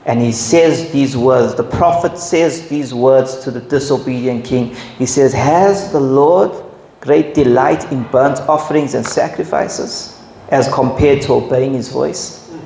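A man preaching a sermon, slow and emphatic, who jumps high when he acts out quotes. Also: gravelly, dark tone, slight background noise. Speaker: pastor. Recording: echoey hall, faint ambience.

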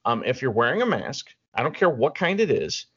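A man's voice: mid-range voice, big pitch swings, fairly quick, a bit bright, breathy edge. A man co-hosting a podcast in casual chat, ranting with lots of profanity and restarts. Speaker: podcast co-host. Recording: dull lo-fi audio.

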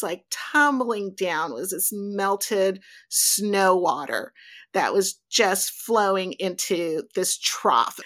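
Bright, animated woman telling a story. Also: mid-range voice. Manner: animated, chatty, filler-heavy. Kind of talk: casual anecdote in conversation.

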